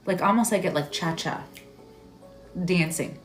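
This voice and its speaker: A woman hosting a live stream as a psychic medium, giving readings in a halting, searching way full of "like"s and growing emotional. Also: fairly low pitch, soft background music. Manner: halting, searching delivery with many "like"s; emotional, tearful at moments.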